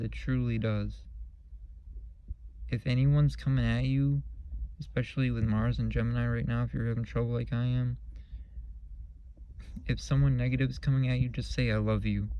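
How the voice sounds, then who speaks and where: A man hosting his own channel, talking casually about spirituality in a rambling, earnest, profane way, and saying his energy is low. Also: dark tone, a little hiss or hum, low-quality recording. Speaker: channel host. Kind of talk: casual spiritual vlog monologue.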